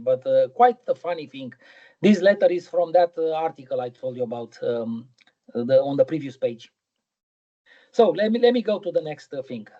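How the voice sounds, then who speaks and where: A man's voice: fairly high pitch, animated, normal speed, warm tone, highs cut off. A middle-aged man giving a physics lecture in a webinar, hesitant, with many ums and repeated words.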